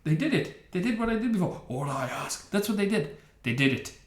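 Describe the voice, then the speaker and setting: Male reaction host, slightly high voice, mocking and opinionated, roomy sound. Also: very animated, brisk. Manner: sarcastic, scornful, laughs often. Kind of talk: opinionated game reaction commentary. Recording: roomy echo.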